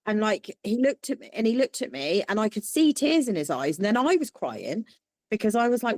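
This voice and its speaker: A young woman with a fairly quick, higher voice, recorded dry, tells her story candidly as an interview guest. She's animated, acting out the people in it with lively voices.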